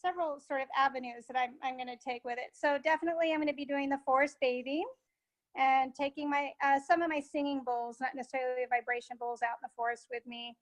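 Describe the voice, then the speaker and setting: High-voiced woman guest, halting speech. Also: steady tone, poor audio. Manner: halting, many filler pauses. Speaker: guest sound therapist and forest guide. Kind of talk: casual interview chat.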